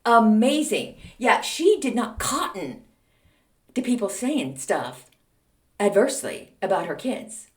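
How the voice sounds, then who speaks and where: A woman's voice: medium pitch, unhurried. Chatty middle-aged woman telling a story. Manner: animated, chatty, addresses listeners as "people". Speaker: podcast host. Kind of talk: casual anecdotal storytelling. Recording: echoey room.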